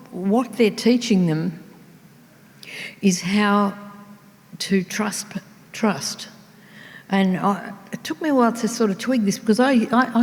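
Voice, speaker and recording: An older Australian woman, an author, chatting on stage and telling anecdotes that trail into soft asides. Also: mid-range voice. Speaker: author guest. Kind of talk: casual on-stage conversation. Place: large town hall ballroom. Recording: long reverb of a large hall.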